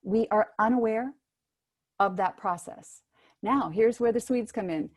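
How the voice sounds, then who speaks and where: A woman voice teacher giving brisk, encouraging instructions to singers in an online workshop, heard over a video call microphone. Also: on the high side. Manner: brisk, encouraging coaching with spoken demonstrations.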